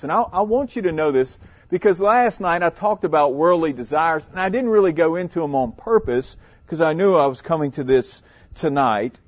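A man from South Louisiana, preaching a sermon with emphatic, drawn-out delivery and dramatic pauses. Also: on the high side, lively intonation, muffled recording.

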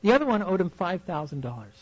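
A young man preaching at a youth conference, telling a Bible story in an animated way and acting out reactions with laughter. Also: sits high, fast talker, husky, no room sound, muffled recording. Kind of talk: preaching a sermon.

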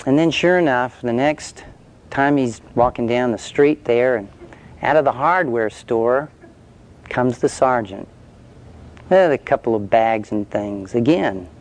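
A man's voice: medium pitch, unhurried. A male preacher telling an illustration story in a conversational sermon, then leading a prayer.

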